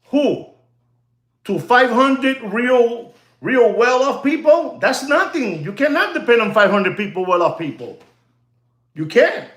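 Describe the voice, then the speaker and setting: A man's voice: extremely high pitch, big pitch swings, measured pace, a bit bright, echoey room. A man who deals in watches, speaking in an emphatic, repetitive vlog rant full of heckling. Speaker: watch dealer.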